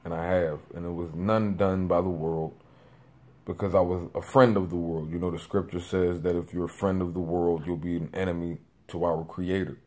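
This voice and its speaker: A young man in his twenties with a lowish voice gives a personal testimony to camera. He wanders through his story, circling back and restarting, full of casual fillers. He calls himself a loud talker who keeps trying to rein it in. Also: level tone, moderate pace, slight background noise. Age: 20s. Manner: rambling, with many fillers and restarts; says he is a loud talker working on voice control. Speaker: vlogger.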